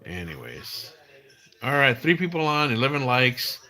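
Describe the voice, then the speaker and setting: A man's voice: medium pitch, sing-song, unhurried, sharp tone. A middle-aged man hosting his own livestream, telling stories in a loose, rambling way with many restarts. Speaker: livestream host. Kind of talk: casual livestream chat.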